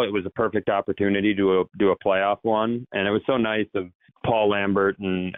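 A man's voice: fairly low pitch, no room sound. A man in casual sports chat, rambling and correcting himself as he talks through football. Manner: rambling, self-correcting, jumps into quoted voices. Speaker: sports show guest. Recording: tinny phone-like line.

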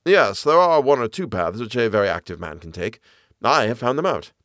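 A man voicing an eager, knowledgeable naturalist man who explains the moor with lively enthusiasm. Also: mid-range voice, a little fast, no echo, clean studio sound. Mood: warning.

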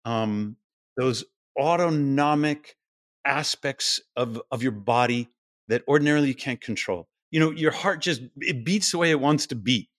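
A middle-aged man, a podcast guest, explaining things in a lively interview style and now and then acting out quoted voices. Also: medium pitch, measured pace, dry recording, studio quality.

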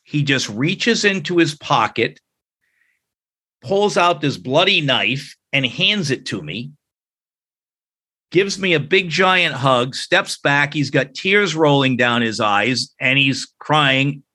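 Guy guesting on a faith podcast, bright punchy voice, earnest, acts out the quotes. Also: fairly high pitch, expressive, slow. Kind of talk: personal storytelling in a faith-based interview.

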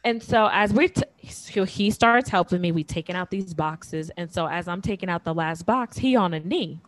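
Woman, 30s, casual storyteller; lowish pitch, dry close mic, animated quoting. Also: normal speed, dry recording. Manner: animated, acts out quotes with big pitch jumps. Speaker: guest telling her proposal story.

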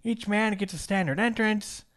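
A podcast co-host with a medium-pitched voice at normal speed chats casually and cracks jokes while narrating a wrestling match move by move, in a play-by-play recap.

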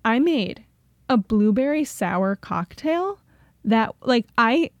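A chatty young woman co-hosts a podcast, her voice sitting a little high. She laughs easily and talks freely. The sound is dry and close. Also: expressive, slow pace, dry recording. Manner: chatty, laughs often, says "like" a lot. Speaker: podcast co-host. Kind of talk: casual chat.

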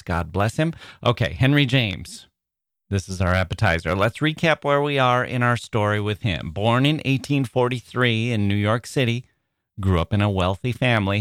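A man's voice: lowish voice, a bit bright, dry recording. A man hosting a literary podcast in a playful, jokey manner, telling stories and chuckling at them, recorded in a studio. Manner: jokey storyteller who chuckles at his own stories. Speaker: podcast host.

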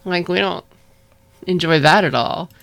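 A woman's voice: fairly low pitch, measured pace, vocal fry, fairly bright tone. A woman co-hosting a podcast, rambling casually with fillers and laughs. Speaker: podcast co-host. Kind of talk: casual chat.

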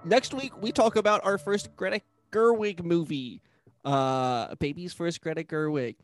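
Relaxed man with a higher voice. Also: unhurried, faint music behind. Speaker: podcast co-host. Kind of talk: casual movie chat.

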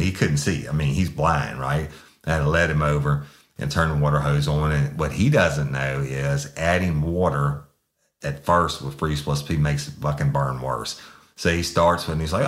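A man's voice: rumbling low, fairly even intonation, moderate pace. A man, a former police sergeant, telling a crude story bluntly with lots of restarts. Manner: blunt, profane, many restarts.

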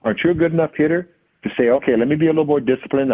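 A man, a hitting coach and podcast guest, telling a lively story and acting out the dialogue. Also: a little high, rapid-fire. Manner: acts out quoted dialogue. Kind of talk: animated storytelling. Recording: tinny phone-like line.

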